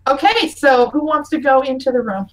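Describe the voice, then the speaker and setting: A young woman narrating a tabletop game as game master, lively and giggly. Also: sits high, moderate pace, low-quality recording. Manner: lively and giggly, many fillers.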